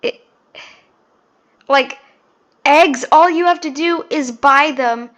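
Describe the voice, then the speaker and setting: A woman's voice: sits high, slow pace, a bit bright. A woman hosting a reaction video, talking in a casual, sarcastic and mocking way.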